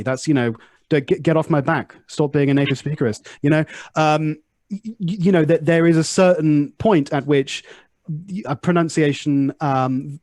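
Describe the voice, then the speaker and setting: A man's voice: mid-range voice, darkish tone, no echo. English guy hosting a chat podcast, talks things through with examples, dry sound. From England. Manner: chatty, thinks aloud, explains through examples. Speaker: podcast host. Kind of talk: casual conversation.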